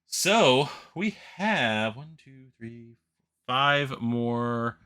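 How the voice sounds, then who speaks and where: A man's voice: medium pitch, lively intonation, drawn-out words, pushed and bright, clear, resonant tone. A sleepy man hosting a board game channel, chatting casually and rambling, correcting himself and laughing at his own slips. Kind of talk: casual solo commentary on a crowdfunding campaign.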